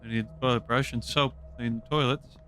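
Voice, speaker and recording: Guy streaming a game, muttering to himself, bright voice, faint game music. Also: medium pitch, fairly even intonation, brisk. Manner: casual, mumbling asides. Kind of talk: live game playthrough commentary.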